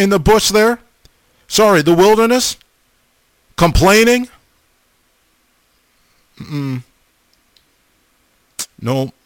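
A middle-aged man casually chatting as a host, reading viewer comments in a folksy, animated way, often repeating himself. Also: high-pitched, no echo. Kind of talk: casual chat.

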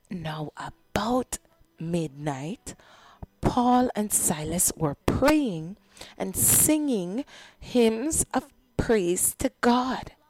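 A woman telling a Bible story to children in a slow, expressive storytelling voice. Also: on the low side, dry recording.

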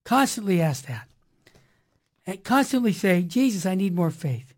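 Energetic woman hosting a faith talk show. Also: medium pitch, measured pace. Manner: energetic, preachy, repeats rhyming slogans. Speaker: host of a Catholic talk show. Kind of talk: radio talk show commentary.

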